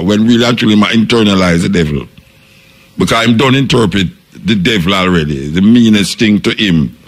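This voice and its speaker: A man's voice: mid-range voice, gravelly, slightly rough. A man with a Jamaican accent, hosting a radio talk show. He reasons through a long monologue, asks rhetorical questions and quotes other people in passing. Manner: preaching, posing rhetorical questions, quoting others in their voices.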